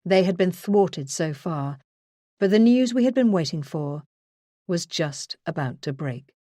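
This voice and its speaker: A woman narrating a first-person true crime memoir in a measured, earnest way. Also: lowish voice, animated, mellow, no room sound, clean studio sound. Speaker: audiobook narrator.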